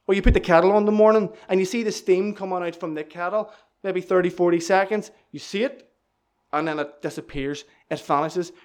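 A man preaches with urgent, pleading emphasis and keeps coming back to the same phrases. His voice sits high for a man. It is a plain evangelistic sermon aimed straight at the listener. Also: fairly quick.

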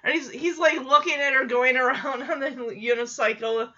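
A woman retells a show in a chatty, giggly way, with a high, bright voice. She talks casually and animates the story as she goes. The recording sounds dull and lo-fi. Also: steady tone, normal speed. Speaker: show recapper. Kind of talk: casual recap chat.

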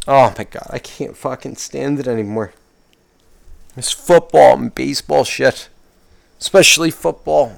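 A man's voice: medium pitch, moderate pace, creaky, no room sound. A man hosting a solo podcast, rambling and complaining in a profane, exasperated way, often restarting his sentences. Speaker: podcast host.

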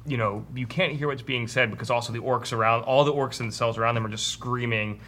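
A man narrates as game master, rambling and correcting himself mid-sentence as he sets the scene. His voice has a bright, forward tone and sits at an average pitch. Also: steady tone, quick pace.

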